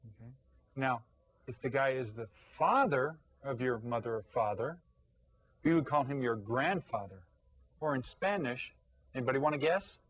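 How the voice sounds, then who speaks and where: In a recorded lesson for young children, a man teaches Spanish, pronouncing each word slowly and asking lots of questions with patience. His pitch is medium. The recording is dry and of low quality.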